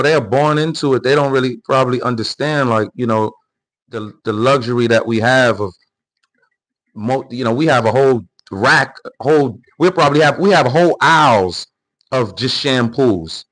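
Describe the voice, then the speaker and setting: A man's voice: mid-range voice, moderate pace, fairly bright tone. A man hosting a live political commentary stream, talking heatedly and emphatically to his chat, with frequent repeated words and restarts. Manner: addresses chat readers directly, lecturing. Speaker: political commentary livestream host.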